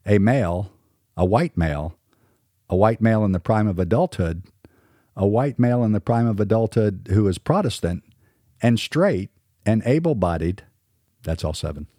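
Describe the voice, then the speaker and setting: A man's voice: fairly low pitch, animated, moderate pace, long pauses, warm tone, no echo, studio quality. A middle-aged man from the American South with a mostly standard American accent, hosting a podcast in a scripted monologue with wry, sarcastic asides. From Southern United States. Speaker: podcast host.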